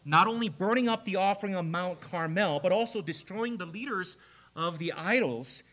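A man preaching a sermon, emphatic, growing loud on the repeated key phrases. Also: high-pitched.

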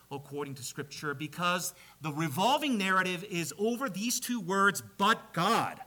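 Bright, high-voiced emphatic male preacher. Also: lively intonation, moderate pace, few pauses. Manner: emphatic, swells loud on repeated key phrases. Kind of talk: sermon.

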